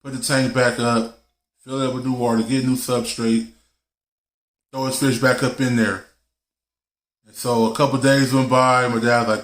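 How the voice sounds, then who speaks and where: A man's voice: mid-range voice, steady tone, moderate pace, a bit bright. A man hosting a live stream, telling a story in a loose, slangy way and laughing as he goes. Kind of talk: casual storytelling chat. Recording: roomy echo.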